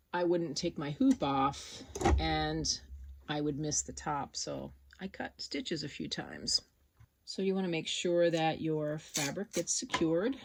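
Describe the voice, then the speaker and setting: A woman with a fairly low voice explains an embroidery project step by step in a casual, relaxed way. She thinks aloud while she works, and faint noise runs under her voice. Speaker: sewing instructor.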